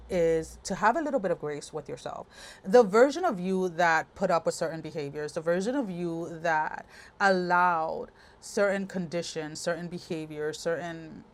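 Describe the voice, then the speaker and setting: A woman giving a casual pick-a-card tarot reading, talking frankly and rambling with lots of fillers and restarts. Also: lowish voice. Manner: chatty, meandering, many fillers and restarts; frank, direct address to the viewer. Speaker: tarot reader.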